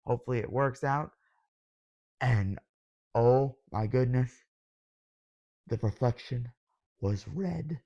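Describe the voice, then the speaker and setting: A young man giving a casual, excitable review as a video host, gushing and sometimes yelling. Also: medium pitch, takes it slowly, pauses often, no echo, dull audio. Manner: excitable, gushing, yells when thrilled. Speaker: YouTube reviewer.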